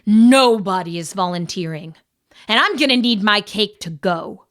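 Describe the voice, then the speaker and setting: A bold young man with a wry, offhand way of talking, voiced by a woman narrator. He sounds unbothered even when the stakes are high. This is a storybook reading. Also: unhurried, natural voice.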